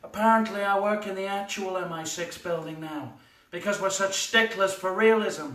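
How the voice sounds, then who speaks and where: Suave, smug male spy, man playing it, dry asides, bright, distant roomy mic. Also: high voice, moderate pace. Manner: dry, self-mocking asides. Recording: echoey room, distant mic.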